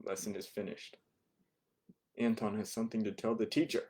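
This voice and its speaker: Patient man explaining phrases to beginner students, repeating them slowly and checking in with the class. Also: lowish voice, level tone, a little mellow, slightly rough. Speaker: Japanese language teacher. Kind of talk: online beginner language lesson.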